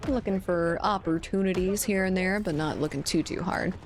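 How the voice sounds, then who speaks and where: A woman's voice: lowish voice, moderate pace, slight background noise. An American woman streaming a game, chatting casually with viewers, laughing often and swearing now and then. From United States. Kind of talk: casual gaming stream chat.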